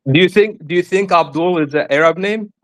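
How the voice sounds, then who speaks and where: Male caller, evasive and needling, slightly high voice, dry mic. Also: fairly quick, a bit bright, dry recording. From Kurdish from Turkey. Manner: evasive, teasing, laughing. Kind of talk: heated online debate.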